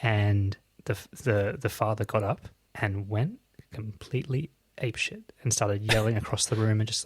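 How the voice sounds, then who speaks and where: Man, podcast co-host, lowish voice, chatty storyteller, casual political talk. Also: steady tone, moderate pace, no echo. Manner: chatty anecdote-teller checking in with "right?".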